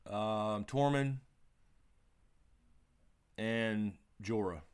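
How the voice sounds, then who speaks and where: A man's voice: fairly low pitch, extremely slow, clean tone. A man co-hosting a casual live question-and-answer stream, laid-back, laughing often and swearing freely. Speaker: livestream co-host.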